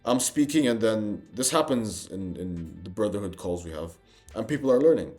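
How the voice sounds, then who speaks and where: A man's voice: lowish voice, animated, normal speed, darkish tone, soft background music. A young man giving a motivational self-improvement monologue, intense and emphatic, swearing and calling the listener bro.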